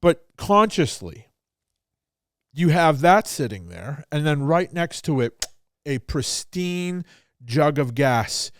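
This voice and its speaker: A man's voice: on the high side, big pitch swings, slow pace, dry recording, clean studio sound. A man hosting a podcast who tells stories casually and bluntly, swearing freely and acting out both sides of a conversation. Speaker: podcast host.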